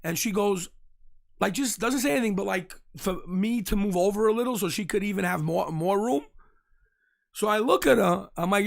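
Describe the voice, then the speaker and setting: In a casual live-stream rant, a brash host tells a story in a high, gravelly voice. He mocks and jeers throughout, keeping his delivery fast and animated.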